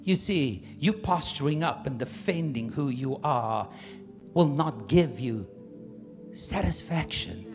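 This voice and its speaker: A man preaching a sermon to his church, swinging from quiet asides to loud emphatic peaks. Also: medium pitch, animated, takes it slowly, over music. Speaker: pastor.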